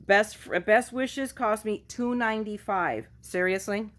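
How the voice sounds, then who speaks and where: A woman's voice: mid-range voice, a little slow, fairly bright tone. A woman chatting casually at home in a craft haul video, goofy and self-mocking as she shows her finds. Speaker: craft vlogger.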